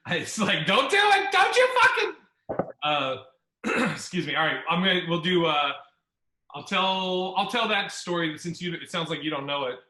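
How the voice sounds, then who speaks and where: A man hosting a podcast, telling a comedy club story in a casual, profane, animated way. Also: on the high side, unhurried, echoey room, low-quality recording.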